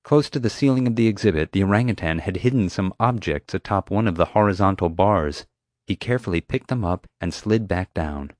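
A man narrating an audiobook in a steady, clear storytelling manner on a close mic. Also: low-pitched, brisk, no echo.

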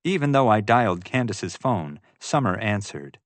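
A man's voice: fairly low pitch, very animated, moderate pace, no room sound. A man giving first-person audiobook narration in a wry, storytelling manner.

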